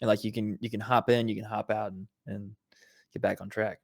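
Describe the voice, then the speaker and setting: A man's voice: lowish voice, flat delivery, brisk, gravelly, no echo, studio quality. A man co-hosting a casual podcast over a video call, rambling through updates, laughing and swearing freely. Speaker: podcast co-host. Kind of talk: casual chat.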